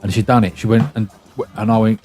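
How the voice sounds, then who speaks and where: Quick bloke telling stories, swears a lot, middle-aged, bit of music under it. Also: male voice, lowish voice, flat delivery, darkish tone. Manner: blunt, sweary storytelling. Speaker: podcast host. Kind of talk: casual chat.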